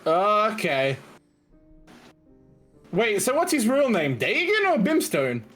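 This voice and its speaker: Male player, high voice, jokey questions, faint music. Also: wildly swooping pitch, takes it slowly, fairly bright tone. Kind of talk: playing a tabletop game.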